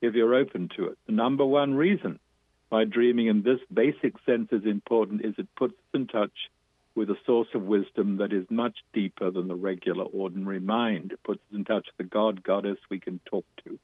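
A man with a New York accent, an author and dream teacher, explaining fervently and fast as an interview guest, with frequent restarts. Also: on the low side, fairly even intonation, husky, dry recording. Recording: tinny phone line.

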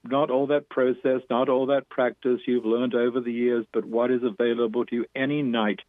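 A man with a New York accent, an author and dream teacher, explaining fervently and fast as an interview guest, with frequent restarts. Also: medium pitch, flat delivery, no room sound. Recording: tinny phone line.

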